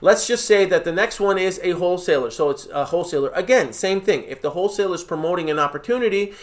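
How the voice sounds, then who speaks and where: Emphatic man coaching, slightly high voice. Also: fast talker. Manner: emphatic and direct, with frequent "right?" and "okay?" check-ins. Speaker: real estate mentor. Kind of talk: coaching talk to camera.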